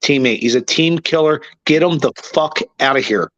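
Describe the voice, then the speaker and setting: A man co-hosts a sports chat, bluntly hammering the same points over and over. His voice is fairly high. The recording is dull and lo-fi, as if the highs were cut off. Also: moderate pace, a bit bright. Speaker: podcast co-host. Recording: dull lo-fi audio.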